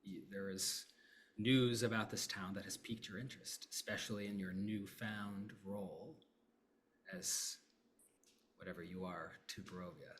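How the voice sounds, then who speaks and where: Relaxed man narrating a tabletop game. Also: sits low, moderate pace. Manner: relaxed, filler-heavy narration. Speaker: game master. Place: streaming setup, live online.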